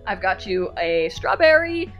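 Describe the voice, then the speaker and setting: A woman's voice: medium pitch, big pitch swings, unhurried, a bit bright, faint music behind, pitched below the performer's own voice. A woman voicing a doting young man eager to impress, with a playful, offhand delivery. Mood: proud.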